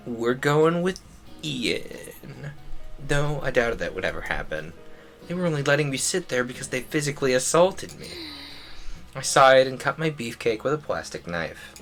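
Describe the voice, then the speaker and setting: A man's voice: medium pitch, a bit bright. Joking young man reading a visual novel. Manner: joking, chuckling asides. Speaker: streamer.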